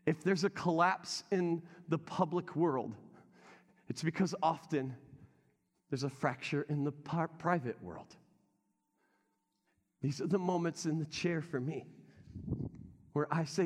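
A male pastor with a notably high voice delivers a sermon, speaking conversationally and turning straight to his congregation. His words ring out with the long reverb of a big church hall. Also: measured pace, pauses often. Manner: conversational, addresses the congregation directly.

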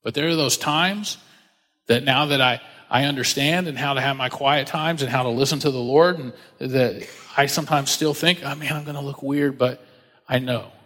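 A man's voice: mid-range voice, moderate pace, sharp tone, in a large hall. A male pastor preaching a sermon in a casual, conversational storytelling way, acting out quotes with slang.

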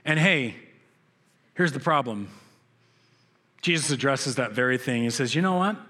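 A young adult man preaching a sermon, telling stories and acting out quoted voices with big jumps in pitch. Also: lively intonation, moderate pace, sharp tone. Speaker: pastor. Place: church sanctuary.

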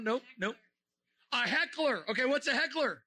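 A man preaching a sermon to a young crowd, animated and joking, firing rhetorical questions and sometimes shouting. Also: very high-pitched, brisk.

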